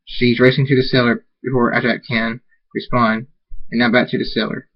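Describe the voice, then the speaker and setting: A man reading fan fiction aloud, halting and restarting words as he goes. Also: medium pitch, flat delivery, lo-fi sound. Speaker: amateur reader.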